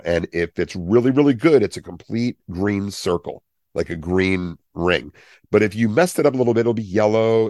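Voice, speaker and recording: Deep-voiced chatty man in his fifties. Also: darkish tone, no echo, clean studio sound. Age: 50s. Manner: chatty, jokey, tangents. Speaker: podcast co-host. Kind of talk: casual chat.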